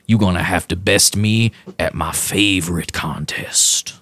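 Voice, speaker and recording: A man's voice: a little slow, pushed and bright, full character voice. A man putting on a giant boastful strongman. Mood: teasing. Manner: gruff lower growl, calls others boy. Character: huge boastful strongman Danger Bob McAllister, playful.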